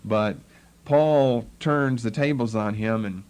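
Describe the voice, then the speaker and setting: A man's voice: medium pitch, slow pace, a little mellow, clear, resonant tone. A man teaching a Bible lesson, explaining the text and acting out the tone of the people he quotes. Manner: explanatory, acts out the tone of quoted speakers.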